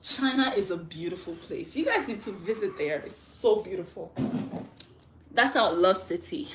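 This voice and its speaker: A woman casually telling a story on a phone livestream, chatty and animated, laughing often. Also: mid-range voice, normal speed, slight background noise. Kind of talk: casual live story time.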